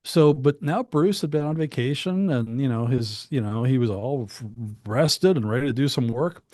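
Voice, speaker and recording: A man's voice: mid-range voice, moderate pace, dark tone, no echo. A man being interviewed as a guest, telling stories about studio work in a casual, chatty way, with frequent restarts and asides. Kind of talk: casual anecdotal storytelling.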